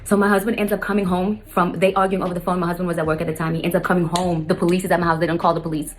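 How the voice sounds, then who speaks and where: A woman's voice: lowish voice, level tone, rapid-fire. A stepmother recounting a family story to her viewers, rambling and often turning to address them directly. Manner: rambling, keeps addressing viewers as you guys. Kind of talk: fast emotional storytelling to camera.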